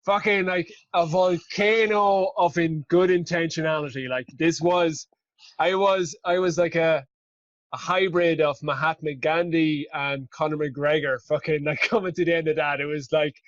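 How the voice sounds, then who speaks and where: A man hosting a podcast, telling a story in an animated way and swearing freely. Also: on the high side, normal speed, no room sound, muffled recording. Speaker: podcast host. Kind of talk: casual conversational storytelling.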